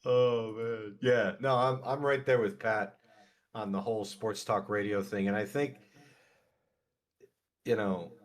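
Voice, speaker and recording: A man in casual podcast chat, an excitable storyteller who laughs easily. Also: fairly low pitch.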